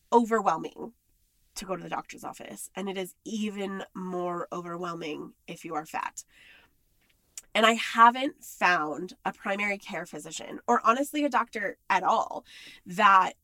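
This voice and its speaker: Woman, casual monologue, bright clear tone, dry close sound, candid and emphatic. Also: medium pitch, no echo.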